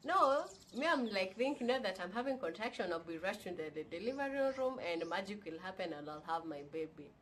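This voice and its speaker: A woman's voice: mid-range voice, expressive, fast talker, few pauses, a little hiss or hum. A young woman, casually and candidly telling a personal story on her vlog, now and then slipping in Swahili phrases. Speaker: vlogger.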